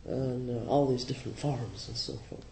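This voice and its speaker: A man with a Scottish accent, a Zen teacher giving a slow, gently humorous and reflective dharma talk. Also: medium pitch, creaky, a little hiss or hum. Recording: roomy hall with faint ambience.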